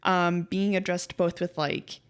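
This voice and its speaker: Woman, podcast co-host, casual chat, lowish voice, lively storyteller, acts out quotes. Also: measured pace, clear, resonant tone. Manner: chatty storyteller, acts out quotes, laughs easily.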